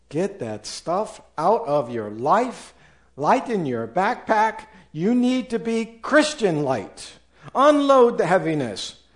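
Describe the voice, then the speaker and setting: A male pastor preaching a sermon with emphasis, acting out listeners' objections in raised voices. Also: mid-range voice.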